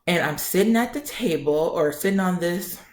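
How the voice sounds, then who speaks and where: A young woman vlogger telling a story in a sassy, animated way and acting out the people in it. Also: on the low side, normal speed, roomy sound. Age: young adult. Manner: sassy, acts out quoted voices.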